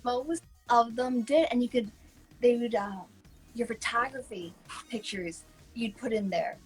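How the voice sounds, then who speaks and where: A woman co-hosts a casual online chat, spinning stories with lively ups and downs. She slips into voices for the people she quotes. Faint music sits behind her. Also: fairly high pitch, unhurried, slightly rough, rough recording. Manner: animated storyteller who acts out quoted voices. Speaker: co-host.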